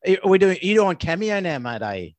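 A man's voice: high voice, big pitch swings, quick pace, no echo. Teasing Australian podcast co-host, man. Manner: teasing, dry banter. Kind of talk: casual chat. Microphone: remote call recording.

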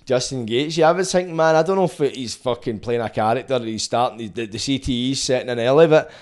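A man's voice: mid-range voice, fast, darkish tone. A man with a Scottish accent, a rapper guest on a podcast, telling loose, sweary stories in casual chat.

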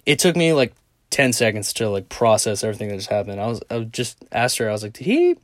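A young man hosting a casual solo podcast, telling a story in a rambling, profane, animated way from a small closet. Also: lowish voice, fast, no echo, studio quality. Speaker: podcast host.

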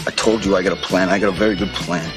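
A man's voice: sits low, steady tone, rapid-fire, close to an everyday voice. An actor playing a coked-up male robber who makes insistent, repeated threats in a film scene. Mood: menacing. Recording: film clip with music underneath.

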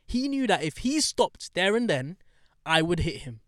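A young man telling a story in casual chat, animated, swearing and getting heated as he talks. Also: normal speed, no room sound, studio quality. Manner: animated storyteller, swears, gets heated and high when indignant.

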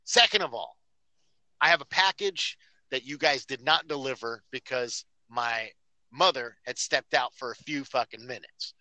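A man's voice: medium pitch, normal speed, pushed and bright, dry recording, rough recording. A man on a casual podcast, telling a story in a profane, ranting way. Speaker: podcast host.

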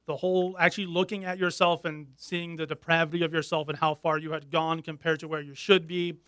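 A man's voice: a little high, flat delivery, fairly bright tone, clear, resonant tone, no echo. Earnest man in a dry room. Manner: earnest, halting, with restarts. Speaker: guest. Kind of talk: candid interview conversation.

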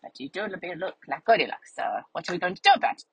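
A woman voicing a cheerful, chatty young female schnauzer dog, telling a story with a childlike, rambling, playful manner and a breathy voice. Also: fairly low pitch, big pitch swings, very fast, a bit bright, slight background noise, full character voice, low-quality recording. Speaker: vlog narrator in character. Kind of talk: storytelling in character.

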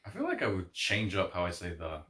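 A young man talks in casual podcast banter, his pitch leaping all over the place and his tone bright and sharp. The room around him is echoey. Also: fairly quick. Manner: animated, swings into loud outbursts. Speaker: podcast co-host.

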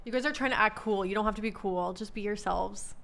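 A woman's voice: medium pitch, fast talker, gravelly, background noise. A young woman co-hosting a casual podcast, bubbly and giggly, often talking over the others. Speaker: podcast co-host. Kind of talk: casual chat. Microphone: shared microphone.

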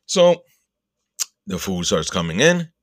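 A man with a lowish voice tells a long, rambling story on his podcast, swearing freely and slipping into short voices for his friends. The recording is close and dry, with no room sound. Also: very animated, takes it slowly, dry recording. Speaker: podcast host. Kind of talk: casual comedic storytelling.

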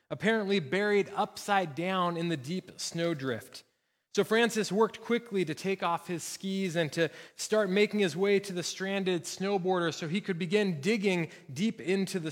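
A man's voice: sits high, in a large hall. A man preaching a sermon as pastor, telling a story in an earnest, engaged way to his congregation. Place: church sanctuary.

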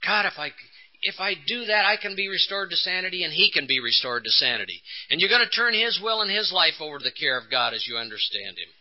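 A man's voice: high voice, expressive, fast. Older man, earnest testimony. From Texas, USA. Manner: earnest, emotional, acts out the dialogue. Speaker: conference speaker. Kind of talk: recovery testimony storytelling. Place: conference hall. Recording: dull lo-fi 1980s conference tape.

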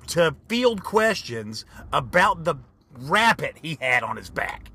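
Animated, bright-voiced male podcast host. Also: slow, breathy edge. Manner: animated storytelling with big pitch jumps and volume swings. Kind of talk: comedic monologue.

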